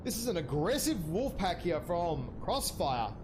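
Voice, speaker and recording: A young man casting an online game league match live, chatty and rambling as he thinks aloud, his voice jumping higher when something surprises him. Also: sing-song, measured pace, background noise. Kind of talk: live esports commentary.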